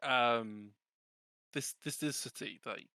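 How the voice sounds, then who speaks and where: A man's voice: medium pitch, sharp tone, clear, resonant tone, no echo, studio quality. A man narrating as dungeon master of a tabletop game, hesitant and full of restarts. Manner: halting, many restarts and fillers.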